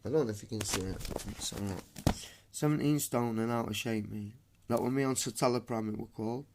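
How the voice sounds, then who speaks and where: A man's voice: on the low side, fairly quick, a little mellow, slight background noise. A man, ranting emphatically into his phone camera on a live stream, swearing and calling listeners mate. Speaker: vlogger.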